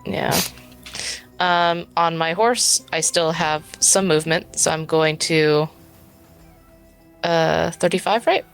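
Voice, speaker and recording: Woman tabletop player, low voice with gravelly fry, hesitant and thinking aloud. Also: steady tone, takes it slowly, long pauses, soft background music. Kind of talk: casual tabletop play.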